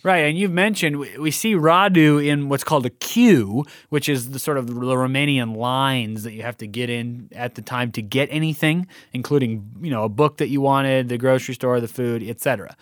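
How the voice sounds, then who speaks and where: A man's voice: medium pitch, moderate pace, few pauses, no room sound, studio quality. A man in a casual discussion of a play, explaining scenes and asking guiding questions.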